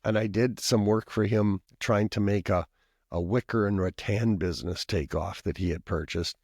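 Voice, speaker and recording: Low-voiced minnesota pastor guy rambling through an old story, keeps coughing, dry sound. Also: moderate pace, a little mellow, no room sound. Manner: rambling, with frequent coughs and asides. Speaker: pastor and professor, podcast guest. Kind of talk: conversational storytelling.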